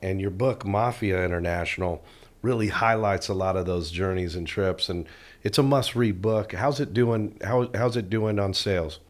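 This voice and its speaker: A man with a low-pitched voice hosts an interview. He asks his questions earnestly and sounds admiring of his guest. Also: normal speed.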